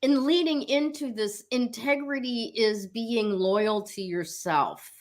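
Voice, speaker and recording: A woman's voice: on the high side, slow pace. Middle-aged woman, candid personal storytelling, casual talk show co-host, swears freely, lots of fillers.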